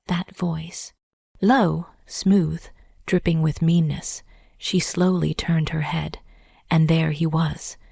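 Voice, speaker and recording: A woman narrating a dramatic story in a soft, breathy whisper, as whispered role-play. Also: sits low, no room sound.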